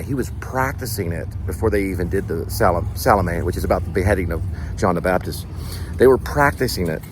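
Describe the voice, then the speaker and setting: A man's voice: sits low, a little hiss or hum. A man hosting a casual vlog, telling a rambling, digressive story full of fillers and restarts, recorded in a car. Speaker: vlog host.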